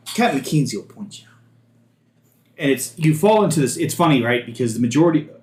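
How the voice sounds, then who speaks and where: A man's voice: mid-range voice, a little mellow, echoey room. A man narrating as game master in a rambling way, with many restarts.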